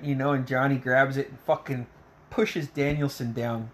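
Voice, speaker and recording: A man at an ordinary mid pitch tells a movie's story in a loose, casual way. He swears constantly, chuckles between lines, and gets worked up when he describes the fight. It plays like a relaxed podcast recap. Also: normal speed. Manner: profane, excitable play-by-play retelling; laughs often. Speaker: podcast host reviewing a film.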